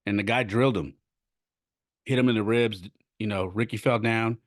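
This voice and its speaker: A middle-aged man hosting a podcast, earnestly retelling a story with lively restarts and self-corrections. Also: fairly low pitch, normal speed, no echo, studio quality. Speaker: podcast host. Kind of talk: casual storytelling monologue.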